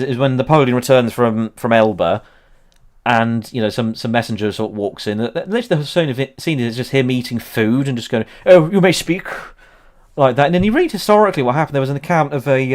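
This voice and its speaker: A man in his thirties hosting a casual livestream about history, rambling with lots of ums and laughing often. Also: mid-range voice. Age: 30s. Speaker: history channel host.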